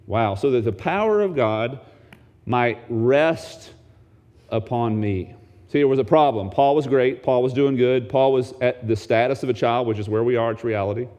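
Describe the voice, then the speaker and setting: A man preaching a sermon as pastor, reading scripture aloud and shifting from low, quiet asides to high, excited bursts. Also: moderate pace.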